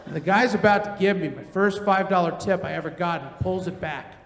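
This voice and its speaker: A man in his thirties doing stand-up on a big theater stage, telling stories animatedly and shouting his punchlines. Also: high-pitched, fairly quick. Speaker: stand-up comedian. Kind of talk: stand-up set. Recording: echoey theater with long reverb. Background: audience laughter.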